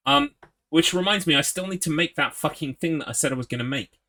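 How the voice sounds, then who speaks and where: A man's voice: a little high, animated, fast talker, bright, forceful tone. A man streaming a game, giving casual, sweary, sarcastic commentary.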